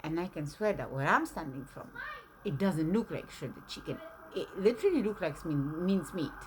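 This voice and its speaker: A woman's voice: fairly low pitch, moderate pace, noisy background. A woman casually telling a long, rambling story with lots of fillers. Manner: rambling, animated, full of fillers.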